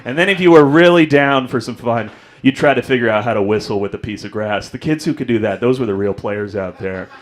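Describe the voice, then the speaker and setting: Stand-up comic, young man, story-driven set, jumps into character voices. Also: fairly quick. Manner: storytelling, acts out voices with big pitch jumps. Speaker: stand-up comedian. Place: comedy club stage.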